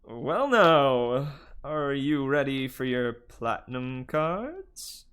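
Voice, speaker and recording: A man doing a slow, coaxing bellhop. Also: medium pitch, very animated, fairly bright tone, clear, resonant tone, exaggerated voice. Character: smooth, coaxing male hotel bellhop.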